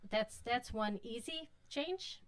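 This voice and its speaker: A woman's voice: fairly high pitch, expressive, slow. Woman, podcast guest, chatty, practical, casual storytelling. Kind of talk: casual chat.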